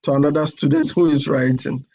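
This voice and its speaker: A man moderates an online session, reading out audience questions in a polite, slightly halting way. His voice sits somewhat high for a man. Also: low-quality recording. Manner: reads out audience questions, polite, repeats words. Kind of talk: webinar moderation.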